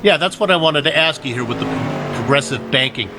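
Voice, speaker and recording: A man's voice: mid-range voice, lively intonation, fairly quick. A man doing conversational commentary for a sim racing broadcast, asking his co-host questions. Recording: clear background noise.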